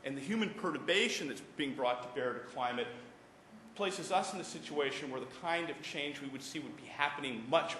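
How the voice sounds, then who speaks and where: A man giving a university lecture, animated and prone to restarting his sentences. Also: on the high side, fairly quick, a little hiss or hum. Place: lecture hall. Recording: echoey lecture hall.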